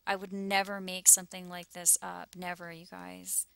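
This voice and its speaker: A woman's voice: on the low side, monotone, moderate pace, gravelly, fairly bright tone, clear, resonant tone. A woman vlogging anxiously over a map, shaken and close to tears, often dropping into whispers. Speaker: YouTuber sharing visions.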